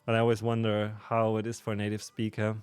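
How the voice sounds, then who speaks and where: A man's voice: on the low side, completely flat delivery, fast, a little mellow, smooth, no room sound, soft background music. A man with a German accent chatting casually with viewers on a live stream while playing a game, laughing often.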